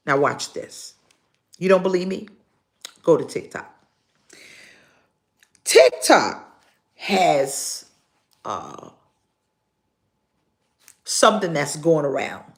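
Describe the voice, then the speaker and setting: An older woman pastor delivers a live sermon at an unhurried pace. Her voice sits low and has a gravelly edge, and her pitch swings widely as she acts out stories and lands her points with pauses. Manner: slow, preaching with dramatic pauses and acted-out stories.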